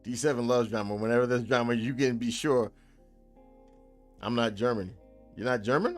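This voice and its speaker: A laid-back game developer streamer chats casually with his live audience, joking loosely and laughing often. He has a medium-pitched voice at a normal speed, with soft music playing in the background.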